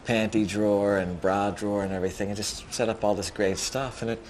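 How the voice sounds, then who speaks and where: A man's voice: on the low side, steady tone, fairly quick, darkish tone, a little hiss or hum. A man, a cinematographer, chatting loosely in a documentary interview, telling stories with fillers.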